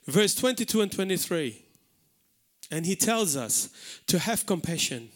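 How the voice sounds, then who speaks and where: A man from Malta with a Maltese accent, preaching an animated sermon in a church hall. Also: high voice, a little slow. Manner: animated preaching, shouting out acted warnings.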